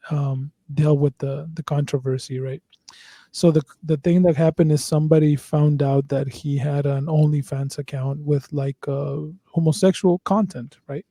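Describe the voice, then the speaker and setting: A man's voice: fairly high pitch, mellow, dry recording. A man hosting a podcast, chatting casually, rambling and swearing with lots of fillers and restarts. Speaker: podcast host.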